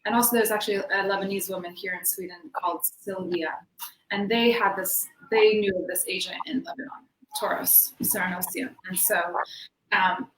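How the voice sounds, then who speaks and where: A woman's voice: mid-range voice, steady tone, moderate pace. Chatty woman on an echoey video call. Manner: chatty, laughing often, many fillers. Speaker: interview guest, belly dancer. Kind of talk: casual video-call interview. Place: home room in Sweden.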